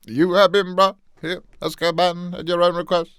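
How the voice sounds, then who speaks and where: A man voicing a stern male official who addresses a court in a loud, clipped, formal voice. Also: sits high, flat delivery, normal speed, clean tone, dry recording, clean studio sound, pitched above the performer's own voice.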